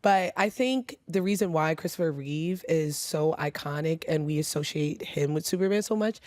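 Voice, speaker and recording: A woman's voice: deep voice, moderate pace, darkish tone, no echo. A woman with a New York accent co-hosting a podcast in casual, enthusiastic chat, laughing often. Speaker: podcast co-host.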